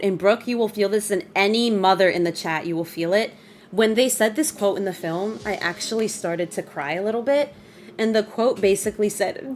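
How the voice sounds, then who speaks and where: A young adult woman streamer chatting casually with her viewers, emotional and quick to laugh. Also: medium pitch. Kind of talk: casual live-stream chat. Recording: faint music behind.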